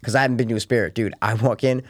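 Fast, rambling young man telling a story. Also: medium pitch, fairly even intonation, dry recording. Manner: rambling, swears a lot, acts out quoted voices. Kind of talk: casual storytelling chat.

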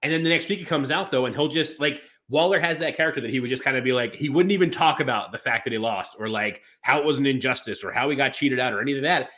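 A man's voice: mid-range voice, quick pace, few pauses, pushed and bright. A man co-hosting a casual wrestling podcast, rambling with lots of fillers and restarts. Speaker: podcast co-host.

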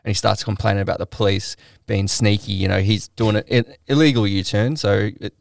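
Young Aussie bloke, podcast co-host, gravelly low voice, animated storyteller, dry close sound. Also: male voice, a little fast, dry recording. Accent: Australian. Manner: animated anecdote-telling, mimics people he quotes. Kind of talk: casual storytelling chat.

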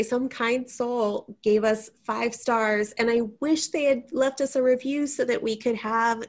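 A woman as a chatty cat podcast host. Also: on the high side. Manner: bubbly, rambling, self-interrupting. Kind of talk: casual chat.

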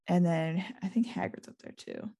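In a fairly low voice, a female podcaster reads a novel aloud and goes over it with her guest, keeping things brisk and animated with small bursts of laughter.

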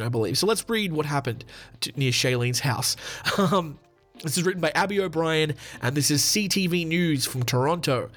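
A man's voice: a little high, a bit bright. A man hosting a podcast in a chatty, rambling monologue, with frequent fillers and restarts. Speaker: podcast host.

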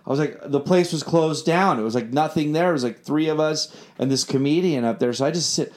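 A man's voice: fairly high pitch, fairly quick, a little mellow. A man in a casual chat, talking about filmmaking and his songwriting with loose, rambling storytelling full of fillers and restarts.

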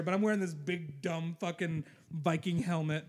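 A man's voice: on the high side, normal speed, big-room sound. A man as a podcast guest in casual chat, blunt and profane, grumbling about his dislikes.

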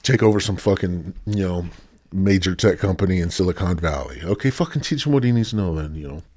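A man's voice: low voice, animated, fairly quick, darkish tone, dry recording. A man hosting his own podcast alone, rambling and swearing constantly, sighing and feeling a little sick as he talks. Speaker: podcast host. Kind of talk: rambling solo podcast rant.

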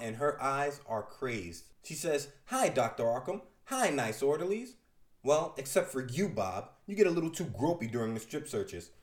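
A man's voice: mid-range voice, a little mellow, reverberant. A man reviewing a comic book, describing each panel aloud in detail and with enthusiasm.

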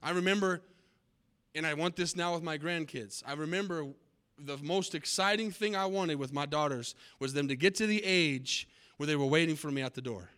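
A man's voice: fairly high pitch, moderate pace, fairly bright tone, clear, resonant tone. An older man preaching a sermon, exhorting and addressing his congregation directly.

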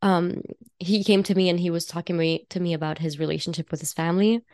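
Lowish voiced woman on a podcast, chatty, laughs a lot, lots of um and like, dry close sound. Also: steady tone, fast talker, no room sound. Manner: chatty and warm, laughs often, full of fillers and restarts. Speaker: guest, intuitive life coach and psychic. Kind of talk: casual podcast conversation.

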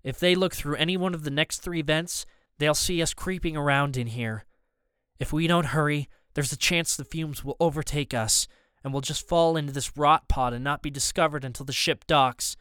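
A man's voice: on the high side, normal speed, fairly bright tone, clear, resonant tone, no echo, studio quality. A man narrating a story in the first person with tense, urgent storytelling. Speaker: audiobook narrator.

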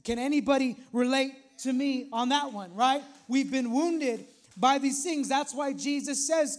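A man's voice: extremely high pitch, a little slow, few pauses. A male pastor preaching a sermon in a conversational way, with frequent asides to the congregation.

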